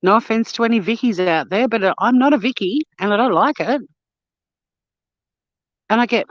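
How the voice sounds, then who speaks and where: A woman's voice: fairly high pitch, brisk, long pauses, no echo, muffled recording. An Australian woman chatting casually on a walk for her vlog, blunt and sweary, telling stories with lots of animation. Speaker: vlogger. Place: outdoors on a walk.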